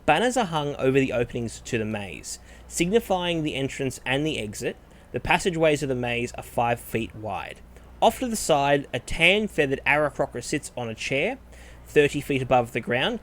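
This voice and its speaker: Man narrating as a game master. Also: medium pitch. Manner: descriptive, hesitant with ums. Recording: faint background noise.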